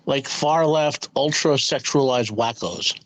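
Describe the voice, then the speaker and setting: A man co-hosting a casual trailer reaction, blunt and wry with deadpan jokes. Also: medium pitch, takes it slowly, crowd noise.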